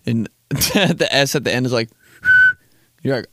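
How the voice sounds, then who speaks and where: A man's voice: mid-range voice, unhurried, fairly bright tone, dry recording. A young man in his twenties hosting a podcast, joking and rambling in a laid-back, casual way and swearing often. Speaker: podcast host. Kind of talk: casual comedic monologue.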